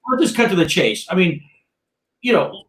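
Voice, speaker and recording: Blunt profane caller in an echoey room. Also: male voice, high-pitched, sing-song, moderate pace, a bit bright. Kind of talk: blunt opinionated argument.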